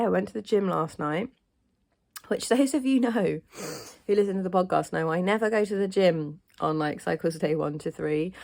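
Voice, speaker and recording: Woman, vlog chat, low voice, a bit of vocal fry, stuffy nose, rambling with lots of ums. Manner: rambling, chatty, frequent ums and restarts. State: stuffy-nosed from hay fever. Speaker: vlogger.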